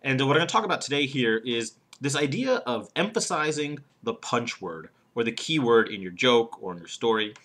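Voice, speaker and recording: Bright-voiced man giving a humor lesson. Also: mid-range voice, lively intonation, normal speed, few pauses. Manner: emphatic, demonstrative, explains step by step. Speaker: humor speaker and coach. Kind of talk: instructional video lesson.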